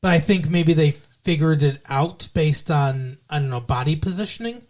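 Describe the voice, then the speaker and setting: A podcast co-host with a mid-pitched voice, talking casually through a TV episode recap. The talk rambles with restarts and dry asides. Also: moderate pace, darkish tone.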